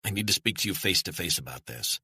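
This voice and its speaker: A man's voice: low voice, lively intonation, quick pace, sharp tone, breathy edge, no room sound, clean studio sound, heavily acted. A man voicing an earnest journalist urging a skeptical colleague to believe his source. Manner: earnest, persuasive.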